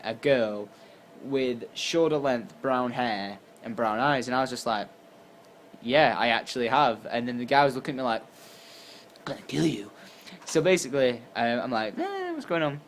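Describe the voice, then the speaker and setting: A tired young man from England telling a story casually to camera, acting out his own lines with sudden jumps in pitch and loudness. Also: normal speed, slight background noise. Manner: animated, acts out quotes with jumps in pitch and volume. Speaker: YouTuber.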